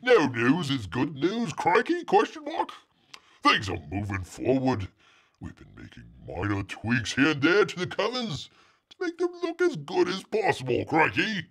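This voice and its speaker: A man's voice: on the high side, wildly swooping pitch, unhurried, a bit bright, slightly rough, pitched above the performer's own voice, exaggerated voice. A man putting on an exaggerated fake Australian accent to read a message aloud, tacking on slang. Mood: jokey. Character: hammy mock-Australian man reading news.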